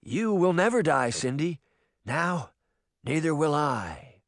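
A man's voice: fairly high pitch, big pitch swings, slow pace, no echo, clean studio sound, full character voice. A man voicing an elderly man turning young, speaking tenderly and with determination in a raised voice. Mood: earnest.

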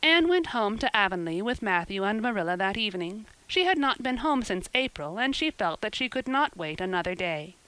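A woman narrating a novel in a measured, gentle storytelling manner. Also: mid-range voice, sing-song, clean tone, no room sound, rough recording. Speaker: audiobook narrator. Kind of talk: scripted narration.

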